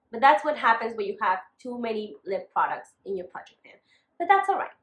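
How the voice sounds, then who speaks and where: Casting: woman vlogger, fairly high voice, ranty and exasperated, echoey room. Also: lively intonation, unhurried, a bit bright. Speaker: beauty vlogger. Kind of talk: casual vlog chat.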